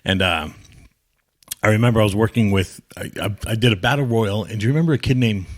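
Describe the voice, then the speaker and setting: Here a former pro wrestler from New England talks fast in a lowish voice. As a podcast guest in a casual storytelling interview, he wanders through blunt, foul-mouthed anecdotes and acts out what others told him.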